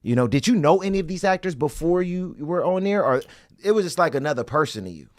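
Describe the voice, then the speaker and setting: A man's voice: fairly high pitch, animated, quick pace, no echo, studio quality. A man hosting a casual interview, laid-back and slangy, laughing easily. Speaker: interviewer, host.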